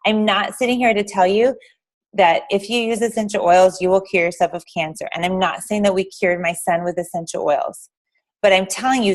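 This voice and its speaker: Woman from Texas, chatty and earnest, leads a small informal class. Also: fairly low pitch. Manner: earnest, chatty, addresses the audience directly. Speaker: speaker at an essential oil class. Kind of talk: informal talk to a small group.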